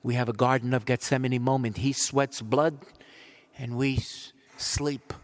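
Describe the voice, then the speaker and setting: A man's voice: medium pitch, fairly even intonation, normal speed, big-room sound. A male priest giving a retreat sermon, telling the story animatedly, acting out voices and sometimes dropping to whispers. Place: large church.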